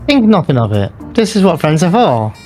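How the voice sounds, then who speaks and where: A man's voice: a little high, very animated, brisk, darkish tone. A man reading a kindly father's game dialogue aloud in his own voice, with faint game music behind. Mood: courteous.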